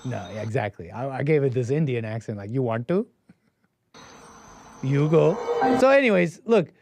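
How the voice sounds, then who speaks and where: A man's voice: a little high, darkish tone. A man hosting a call-in show, rambling in casual commentary with a mocking tone and frequent restarts.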